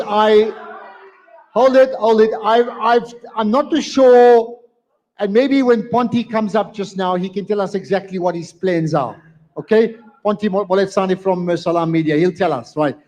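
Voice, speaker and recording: A man moderates a live debate in a community centre hall, speaking at normal speed in a high, slightly mellow voice through lo-fi sound with long hall reverb. Firm yet apologetic, he talks emphatically and repeats phrases to keep control of the room.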